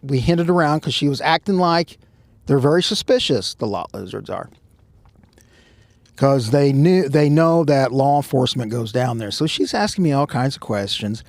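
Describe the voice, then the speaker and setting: A man's voice: mid-range voice, lively intonation, normal speed, vocal fry, no room sound. A man and former undercover cop on a podcast, telling a rambling, self-mocking story with quoted dialogue. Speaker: podcast co-host, former undercover police officer. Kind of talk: casual storytelling.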